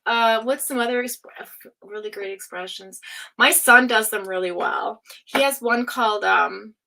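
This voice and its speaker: A woman's voice: on the high side, a little slow, gravelly, sharp tone. A middle-aged woman from Canada chatting casually on a live tarot stream, laughing often and reading chat aloud.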